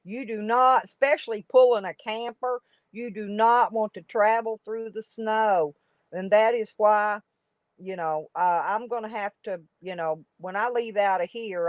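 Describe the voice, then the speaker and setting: A woman's voice: mid-range voice, dry recording. A woman, chatting in a rambling way with viewers as host of a live stream. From United States. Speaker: livestream host. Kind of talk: casual live chat reading comments. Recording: dry, dull lo-fi stream audio.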